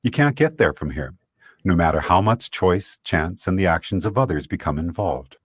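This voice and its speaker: Deep-voiced male explainer narrator. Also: normal speed, husky, no echo. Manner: steady, explanatory. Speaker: narrator of a played video.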